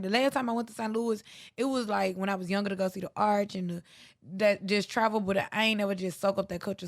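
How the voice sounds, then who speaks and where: A young woman with a Memphis accent, a guest rapper chatting casually in an interview in an easygoing drawl. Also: medium pitch. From Memphis, Tennessee.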